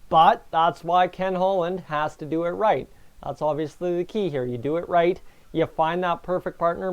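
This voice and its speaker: A man's voice: high-pitched, clean tone, dull audio. A man hosting a casual live stream, chatting away and answering viewer comments as he goes. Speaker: fan streamer and host.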